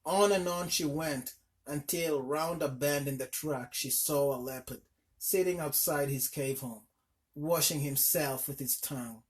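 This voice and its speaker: A man reading a folk tale aloud in a fairly high voice. His delivery is steady scripted narration, with small slips here and there. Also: measured pace. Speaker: storyteller.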